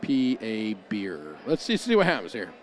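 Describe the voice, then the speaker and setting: A man hosting a podcast, chatting casually and telling animated stories with frequent chuckles, recorded outdoors at a brewpub's beer garden on a small tripod camera. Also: lowish voice, normal speed. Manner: animated storytelling, chuckles often. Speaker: podcast host. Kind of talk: casual chat. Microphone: small camera on a miniature tripod.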